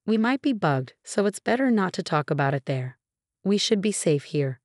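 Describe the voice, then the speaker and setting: A woman reading as a calm, firm husband. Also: high-pitched, no room sound, studio quality. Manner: measured, cold and firm.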